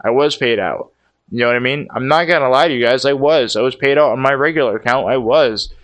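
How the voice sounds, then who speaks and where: A man's voice: medium pitch, fast, fairly bright tone. A man reacting live on his stream, exasperated and cursing, repeating himself as he rants. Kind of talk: heated casual reaction commentary.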